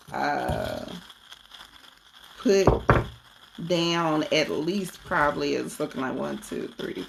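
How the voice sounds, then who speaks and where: Gravelly low-voiced woman livestreaming. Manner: relaxed, greets viewers, talks to the chat. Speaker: spiritual reader hosting a livestream. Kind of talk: casual livestream chat.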